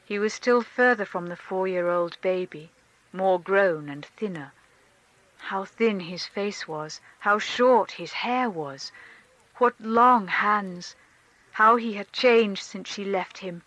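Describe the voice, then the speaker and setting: Bright-voiced woman reading a novel. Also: medium pitch, no room sound, low-quality recording. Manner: measured, expressive reading. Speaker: audiobook reader. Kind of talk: scripted narration of a classic novel.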